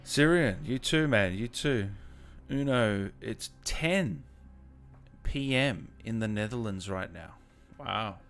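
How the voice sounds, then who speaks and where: A man's voice: lowish voice, animated, slow, gravelly, fairly bright tone, faint music behind. Laid-back Australian man hosting a stream. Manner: laid-back, reads viewer comments aloud and answers them. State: tired, just woke up. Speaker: gaming stream host. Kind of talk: casual live-stream chat.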